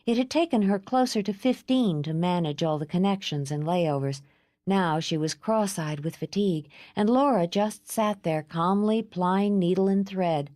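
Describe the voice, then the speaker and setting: Lowish woman narrating an audiobook. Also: moderate pace, mellow, no echo, studio quality.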